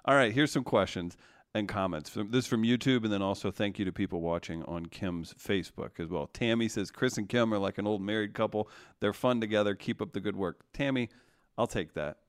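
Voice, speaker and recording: A man's voice: fairly low pitch, a little fast, smooth, dry recording, studio quality. A man hosting a casual live-stream chat, reading out viewer comments and joking with his co-hosts, laughing often.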